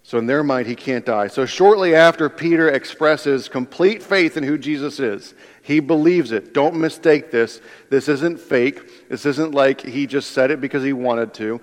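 With a mid-range voice at a moderate pace and few pauses, this male pastor gives a lively, conversational sermon. He often starts sentences over and performs quotations, and a long hall reverb fills the recording.

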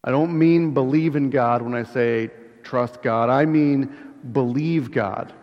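A man's voice: mid-range voice, slow. Male pastor preaching in an echoing hall. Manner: animated storytelling, emphatic repetition. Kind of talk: sermon. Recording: dull sound in a long-echo hall.

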